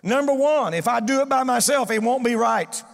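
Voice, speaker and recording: A man's voice: very high voice, normal speed, creaky, long reverb tail. A male pastor preaching a sermon, calling on the congregation to answer back and repeat his words. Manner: preaching with call-and-response to the congregation. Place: church sanctuary.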